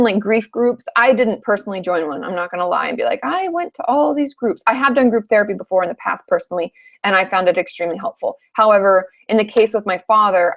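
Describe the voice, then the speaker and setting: Chatty thirties woman therapist from washington, frank live q&a, swears a bit. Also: medium pitch. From Washington state. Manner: frank and chatty, swears casually, acts out quoted lines. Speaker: licensed therapist answering viewer questions. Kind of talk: casual live Q&A chat.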